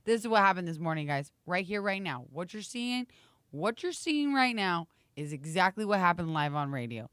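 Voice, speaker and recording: A woman in her thirties with a slight rasp, co-hosting a morning show and chatting casually with viewers. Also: fairly low pitch, very animated, normal speed, a bit bright, no echo, studio quality. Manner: chatty, reads viewer comments aloud, laughs often. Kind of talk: casual live-stream chat.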